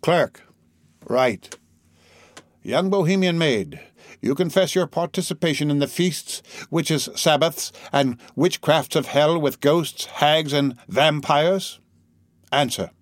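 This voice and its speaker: A falsely gentle middle-aged prosecutor with a soft, caressing voice that never loses its calm, played by a male reader. He lets his words come slowly and smoothly in a storybook reading, heard close and dry. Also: a little high, no echo. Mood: coldly formal.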